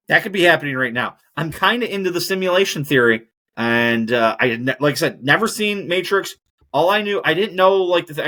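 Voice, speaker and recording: A man's voice: medium pitch, a bit bright. A man hosting a podcast, ranting casually and profanely about air travel and movies. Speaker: podcast host. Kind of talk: casual monologue.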